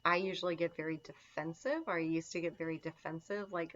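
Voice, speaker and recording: A woman's voice: low voice, steady tone, a little fast, few pauses, fairly bright tone, slight background noise. A woman teaching a casual lesson on herbal remedies, chatty and enthusiastic, with lots of fillers. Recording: dull lo-fi sound.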